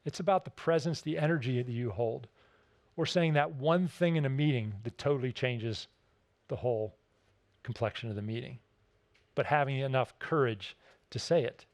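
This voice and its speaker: A man giving a keynote talk, telling stories in an animated, emphatic way and repeating his key points. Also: medium pitch, moderate pace, no room sound. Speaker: keynote speaker.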